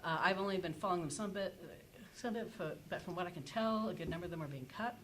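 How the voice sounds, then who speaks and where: A woman's voice: lowish voice, quick pace, crowd noise, poor audio. A woman giving a conference panel presentation, speaking with many fillers and restarts as she works through her points. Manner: hesitant, many fillers and self-corrections. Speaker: energy policy panelist.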